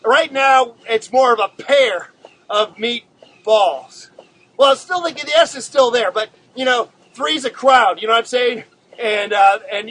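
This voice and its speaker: A man hosting a casual live-streamed drawing show, chatting to viewers in a laid-back, rambling way with many halting filler words. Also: very high voice, a bit bright, slight background noise, low-quality recording.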